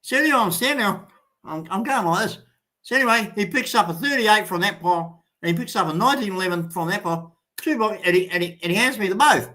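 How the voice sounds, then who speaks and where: A fast-talking man with a high-pitched voice hosts a live stream, relaying a casual story. He's lively about it, acting out what the other people said.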